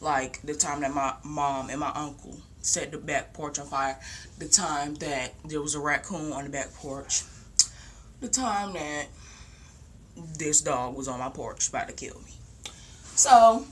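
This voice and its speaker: A young woman casually telling a long story at home, rambling and animated, with lots of "like". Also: sits low, takes it slowly, pauses often, slight background noise. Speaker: vlogger. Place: home, indoors.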